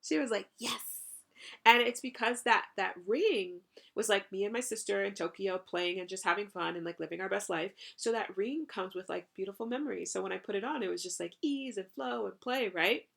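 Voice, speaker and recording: Brisk and barely pausing, this woman's mid-range voice has vocal fry and a fairly bright tone. She's a podcast host and spiritual coach running a channeled spiritual show, gushing along with casual cursing and frequent "you know" and "right?".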